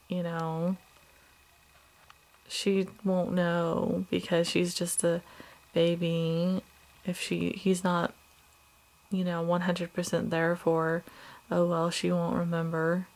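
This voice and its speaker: An upset woman, a mother of two small children, talking haltingly into a video diary, now and then dropping to a whisper. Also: on the low side, gravelly, a little mellow. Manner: halting, hesitant, many fillers and restarts; subdued, drops at times to a whisper.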